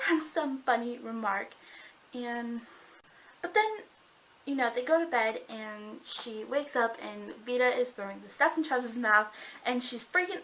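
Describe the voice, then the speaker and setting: A woman's voice: fairly high pitch, pushed and bright, a little hiss or hum, low-quality recording. A young woman talking about a novel she loved in a casual vlog, gushing and rambling with plenty of fillers. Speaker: book reviewer. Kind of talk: casual book review vlog.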